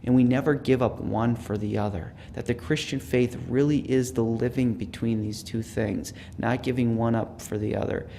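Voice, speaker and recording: A man, a theology professor, giving a reflective teaching talk with personal stories, earnest and dropping to a hush for quoted words. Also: mid-range voice, fairly even intonation, normal speed, gravelly, hardly any pauses, a little hiss or hum.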